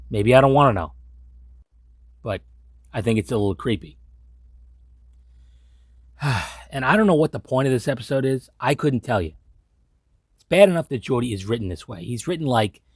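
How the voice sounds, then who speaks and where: A man's voice: medium pitch, breathy edge, no echo, clean studio sound. A man giving casual, sarcastic episode commentary, swearing often and sounding incredulous. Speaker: commentary host.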